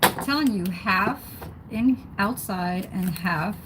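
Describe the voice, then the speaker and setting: A woman's voice: mid-range voice, lively intonation, slow, noisy background. A woman hosting a casual cooking livestream at home, chatting with her viewers while she cooks and swearing now and then. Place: home kitchen, then outdoors.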